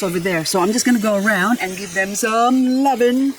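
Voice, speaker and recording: A woman's voice: medium pitch, a little fast, a little hiss or hum, poor audio. A woman vlogging as she waters her garden. She chats casually and talks fondly to her plants. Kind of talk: casual chat while working.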